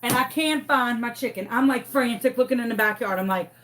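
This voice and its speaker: A woman telling a comic story in a craft tutorial, animated, dramatic and self-mocking. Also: on the high side, fairly quick, hardly any pauses. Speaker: crafting vlogger.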